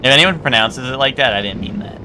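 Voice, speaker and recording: A man's voice: medium pitch, lively intonation, fast, bright, forceful tone, slight background noise. A man streaming a game and chatting casually, rambling and playfully arguing with his chat. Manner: rambling, self-correcting, argues playfully with chat. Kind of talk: casual live-stream chat while gaming.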